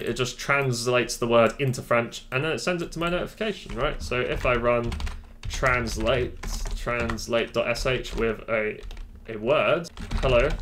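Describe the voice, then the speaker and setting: A man's voice: mid-range voice, a bit bright, slight background noise. A man hosting a casual command-line tutorial, talking offhandedly with joking asides into a desk microphone. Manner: chatty, offhand, self-deprecating asides. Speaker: tech tutorial host. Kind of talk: casual screen-recorded tutorial.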